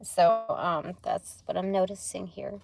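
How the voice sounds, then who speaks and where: A woman's voice: on the low side, steady tone, measured pace, vocal fry. A young adult woman chatting casually on a spiritual livestream, rambling, laughing often and swearing lightly as she reads tarot cards.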